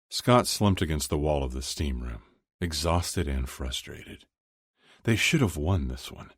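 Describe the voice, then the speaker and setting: Very deep-voiced male audiobook narrator. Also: expressive, measured pace, breathy edge, no room sound, clean studio sound.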